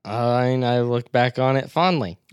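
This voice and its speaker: A man's voice: medium pitch, steady tone, normal speed, clear, resonant tone, dry recording, studio quality. A man from San Francisco co-hosting a casual movie review podcast, laughing often and teasing, swearing casually. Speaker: podcast co-host.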